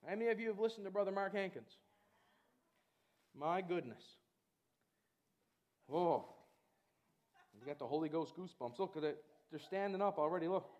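A man preaching a sermon with exuberant energy. He often repeats words and breaks into loud laughter. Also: fairly high pitch.

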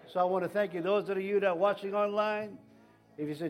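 A middle-aged man preaches in a church, pitched a little high for a man. He talks in a folksy, rambling way, full of restarts and fillers. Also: fast talker, a little mellow, soft background music. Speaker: pastor. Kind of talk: sermon. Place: church sanctuary.

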